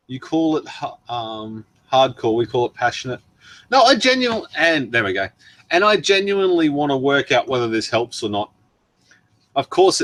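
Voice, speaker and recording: A man's voice: mid-range voice, fairly bright tone, no room sound. Chatty Australian man, dry sound. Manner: chatty, reads viewer messages aloud with frequent laughs and ums. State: throat worn from long talking. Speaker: livestream host. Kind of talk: casual live-stream chat.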